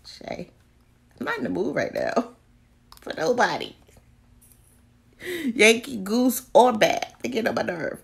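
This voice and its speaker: A woman's voice: medium pitch, lively intonation, measured pace, vocal fry, slightly rough. A woman chatting casually through shopping deals, swearing and whispering asides to herself. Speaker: vlogger doing a live deal check-in. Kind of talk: casual chat.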